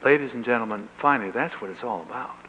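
A man's voice: medium pitch, fast talker. Man preaching in an echoey hall. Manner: earnest, animated storytelling with rising emotional peaks. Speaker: pastor. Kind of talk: sermon storytelling. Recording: echoey hall on dull lo-fi tape.

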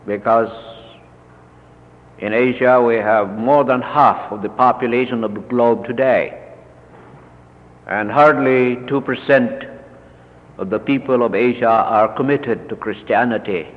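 A man, a Lutheran church leader, slowly recounting a personal story in a measured talk full of pauses. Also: medium pitch. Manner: slow, measured, with many pauses and fillers. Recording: dull, lo-fi recording with long reverb.

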